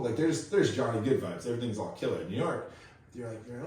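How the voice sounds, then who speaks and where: A man's voice: medium pitch, expressive, racing, a little mellow, a little hiss or hum. A man from Kauai, a pro surfer guest, telling stories in a slangy, laid-back podcast chat full of fillers. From Kauai, Hawaii. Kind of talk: casual podcast storytelling. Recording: echoey room, mic at a distance.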